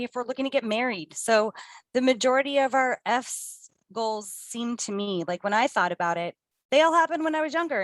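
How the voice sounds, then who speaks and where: A woman's voice: on the high side, no echo. A middle-aged woman giving a motivational talk, conversational and reflective with her audience. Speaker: co-host presenter.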